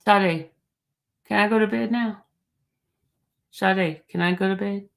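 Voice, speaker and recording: Gravelly woman on a livestream, chatty and teasing, talking right to her chat. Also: medium pitch, slow pace. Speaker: livestream host. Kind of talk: casual livestream chat, reading viewer comments.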